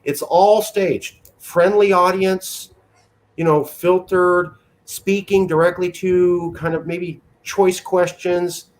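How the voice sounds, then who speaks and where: A man's voice: high-pitched, level tone, slow. A man hosting an interview, chatting casually, joking, and giving his opinions. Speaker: interview host.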